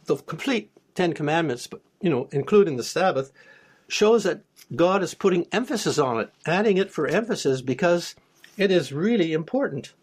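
A man's voice: on the high side, expressive, moderate pace, breathy edge. A man teaching a Bible study, reading verses aloud and then explaining them plainly, with small restarts. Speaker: preacher.

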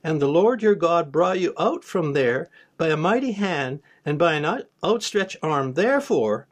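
A man's voice: fairly high pitch, expressive, unhurried. Man reading and explaining scripture. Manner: reads scripture aloud, then explains it plainly, with restarts. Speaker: preacher. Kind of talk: Bible study teaching.

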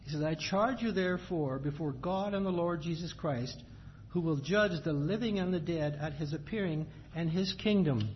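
A man's voice: a little high, slight background noise. Man preaching, reading scripture aloud. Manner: reads verses in measured cadence, then explains plainly. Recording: dull lo-fi sound, faint ambience.

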